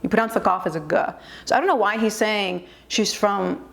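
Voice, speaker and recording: A woman's voice: mid-range voice, fairly quick, vocal fry. A young woman, an Arabic linguist, chatting casually and correcting points as she switches between English and Arabic. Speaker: Arabic linguist reacting to a video. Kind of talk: casual reaction commentary.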